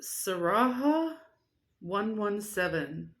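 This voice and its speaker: A young woman vlogger chatting casually while reading out viewer shoutouts, playful and rambling. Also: mid-range voice, big pitch swings, very slow. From Australia. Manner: chatty and playful, with silly asides and rambling tangents.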